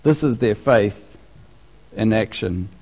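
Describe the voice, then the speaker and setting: A man preaching a sermon in an animated, conversational way, often restarting his sentences. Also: on the low side, slow. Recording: long reverb of a large hall.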